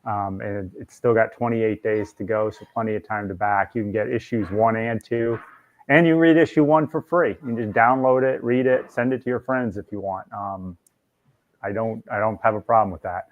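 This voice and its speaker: Low male guest, plain pitch, muffled stream sound. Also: normal speed. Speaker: comic creator guest. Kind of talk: livestream chat. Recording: dull lo-fi stream audio.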